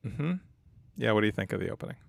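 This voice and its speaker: A man co-hosting a podcast in easygoing conversation, hedging his points with fillers. His voice is very deep and gravelly, and the sound is close and dry. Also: fast, dry recording. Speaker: podcast co-host. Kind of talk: casual chat.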